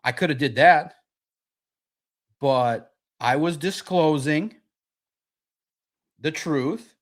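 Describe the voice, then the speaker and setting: A man in his forties with a fairly high voice, riffing in a loose livestream monologue. He is brash and boastful, swears freely and gets worked up easily. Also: very slow. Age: 40s. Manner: brash, profane, boastful, excitable. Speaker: sports podcast host.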